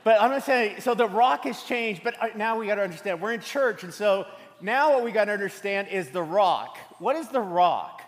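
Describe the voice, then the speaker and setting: In a church sanctuary with long hall reverb, a man preaches as pastor, his high voice lively in intonation and fairly quick. He keeps things humorous, folding stories and jokes into his message.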